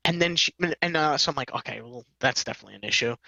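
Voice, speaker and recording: A man's voice: medium pitch, animated, fast talker, creaky, sharp tone, no echo, highs cut off. A man co-hosting a podcast, rambling through a story in casual chat, acting out quotes and laughing often. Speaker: podcast co-host.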